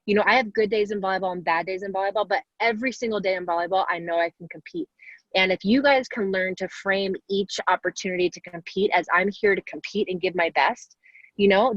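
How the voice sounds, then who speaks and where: Talking directly to the kids, a guest athlete in her forties fields young players' questions on a video call, casual, warm, upbeat and encouraging. She has a mid-range voice, and the recording is dull, lo-fi call audio without room sound.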